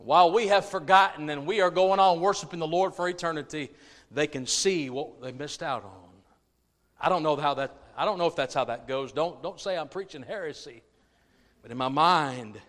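Impassioned preacher in a church hall. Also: male voice, on the high side, normal speed. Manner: swings from hushed to loud, pleading preaching. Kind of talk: sermon. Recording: long reverb in a large room.

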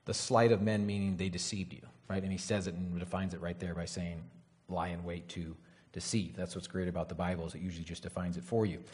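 A man's voice: low voice, little pitch movement, fast, darkish tone. Male preacher, conversational sermon delivery, rambling, keeps asking the room "right?". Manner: casual, rambling, frequent "right?" and "you know".

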